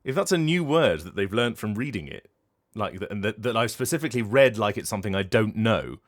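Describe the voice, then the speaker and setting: Deep-voiced British man, chatty streamer. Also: expressive, a little fast. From Britain. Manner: rambling and chatty, with many fillers and restarts. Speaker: voice actor streaming. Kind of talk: casual chat to a live stream. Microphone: streaming mic.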